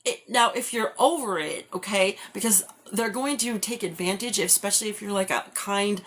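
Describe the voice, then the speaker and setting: A woman's voice: medium pitch, moderate pace, fairly bright tone. A woman giving a live-stream tarot reading, talking in a loose, rambling way full of "like" and "you know". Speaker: tarot reader.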